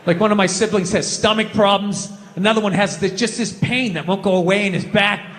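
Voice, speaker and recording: Fairly quick and steady in tone, a middle-aged comedian rants on a theater stage for a live crowd, his high voice bright and forceful as it rises into shouting. A long hall reverb follows his handheld mic, with faint ambience underneath.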